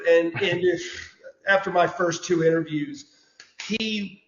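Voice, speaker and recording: A man, telling stories casually as an interview guest, animated and prone to repeating words. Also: high-pitched, slow. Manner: animated storyteller, says "brother", repeats words. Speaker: guest, former wrestler. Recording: dull lo-fi audio in an echoey room.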